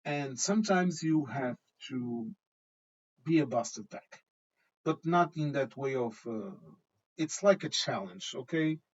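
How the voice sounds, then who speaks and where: A middle-aged man from Portugal with a Portuguese accent, blunt and swearing freely as he gives his opinions in a casual vlog monologue, often checking in with "okay?". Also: mid-range voice. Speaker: vlogger. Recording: dull lo-fi recording.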